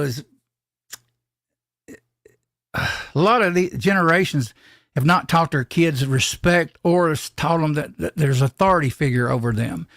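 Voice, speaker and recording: Gravelly older man rambling. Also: a little high, a bit bright, no room sound, clean studio sound. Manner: rambling, folksy storytelling with frequent restarts. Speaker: live stream host. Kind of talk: casual live-stream chat.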